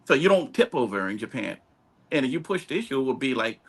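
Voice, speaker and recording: Chatty man with a lively voice. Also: medium pitch, fast. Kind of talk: casual podcast chat.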